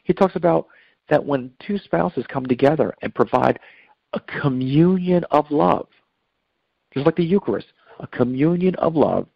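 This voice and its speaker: Gravelly earnest man on Catholic radio. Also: a little high, lively intonation, normal speed, dry recording, lo-fi sound. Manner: earnest, preachy, repeats himself with fillers. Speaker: guest speaker on marriage.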